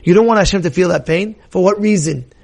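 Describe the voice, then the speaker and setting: A middle-aged man giving an animated Torah sermon, dropping to hushed storytelling and then rising to shouts, with Hebrew terms mixed in. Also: sits high, quick pace, creaky. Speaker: rabbi giving a weekly Torah talk.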